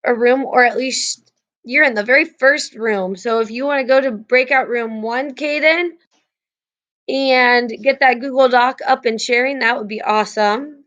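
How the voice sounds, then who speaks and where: A woman's voice: a little high, a little slow, fairly bright tone, highs cut off. A young woman teaching a class over a video call, chatty and casual, full of fillers and restarts.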